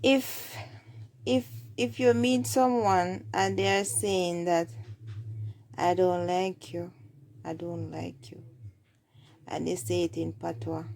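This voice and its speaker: Jamaican woman, slow unhurried delivery, teaching phrases, repeats each example twice. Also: on the low side, steady tone, vocal fry, a little mellow, slight background noise. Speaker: language teacher.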